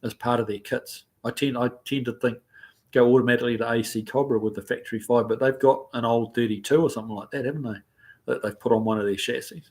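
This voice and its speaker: A man with a New Zealand accent who lives in the United States hosts a casual livestream, speaking fast in a medium-pitched, steady, darkish voice. He reads viewer comments aloud in a rambling, easygoing manner, peppered with ums and uhs.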